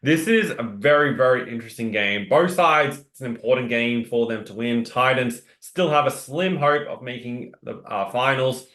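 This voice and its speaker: A man's voice: medium pitch, moderate pace, few pauses. Man previewing betting odds. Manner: steady, informative, with frequent fillers. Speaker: sports betting analyst. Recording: roomy echo.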